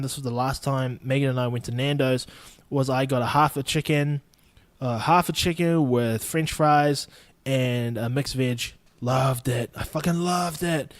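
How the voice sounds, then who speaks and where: A man's voice: mid-range voice, no room sound. A young man hosting a solo podcast, rambling in a laid-back way and swearing often. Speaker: podcast host. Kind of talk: casual solo podcast monologue.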